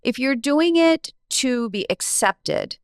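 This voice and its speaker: An American woman speaking as a podcast guest, measured and reflective in a conversational interview. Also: sits high, lively intonation, clean tone, no room sound, clean studio sound.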